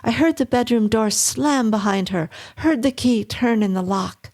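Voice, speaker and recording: Slow, gravelly woman reading horror. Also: fairly high pitch, a little mellow. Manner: measured, suspenseful reading. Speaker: horror story narrator. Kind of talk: scripted horror narration.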